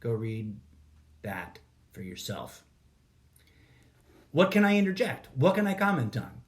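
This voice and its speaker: A man hosting a podcast, reading spiritual quotes slowly and breaking off into casual self-correcting asides. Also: mid-range voice, big pitch swings. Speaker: podcast host.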